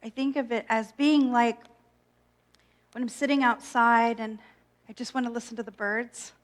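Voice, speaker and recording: A woman minister preaching a gentle, reflective sermon with playful self-mocking asides. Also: a little high, little pitch movement, moderate pace.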